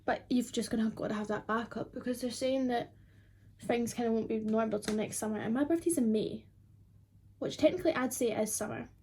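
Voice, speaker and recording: A woman's voice: on the high side, brisk, darkish tone, a little hiss or hum. A twenty-year-old woman, chatting casually and rambling with lots of fillers while doing her makeup at home. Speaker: beauty vlogger.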